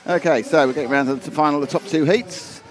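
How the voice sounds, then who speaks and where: Chatty male race commentator, slightly high voice. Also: fast. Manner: chatty, playful, stumbles over names.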